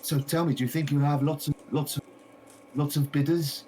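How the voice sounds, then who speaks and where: A nosy, gushing village shopkeeper woman, as a man puts her on in a tabletop game. She chatters and repeats her words in a high, fluttering voice. A faint ambient hum sits behind. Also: steady tone, normal speed, mellow, close to an everyday voice, low-quality recording.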